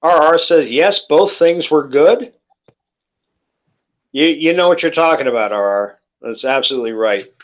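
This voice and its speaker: A man's voice: on the high side, normal speed. A middle-aged man hosting a casual late-night chat stream, rambling, swearing freely and laughing through his stories. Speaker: host. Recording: lo-fi dull microphone.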